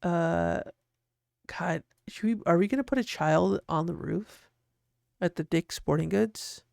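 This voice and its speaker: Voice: medium pitch, unhurried, creaky, a little mellow, no room sound, studio quality. A host in casual, rambling commentary while designing, often cutting themselves off and laughing.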